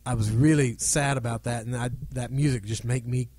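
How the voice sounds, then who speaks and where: A man's voice: mid-range voice, fairly even intonation, brisk, mellow, no room sound. A man on a podcast recalling what made him cry, earnest and self-mocking. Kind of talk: casual chat.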